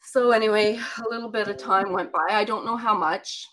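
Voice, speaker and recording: A woman's voice: medium pitch, steady tone, moderate pace, fairly bright tone, low-quality recording. A woman telling a personal childhood story in conversation, chatty and rambling with many asides.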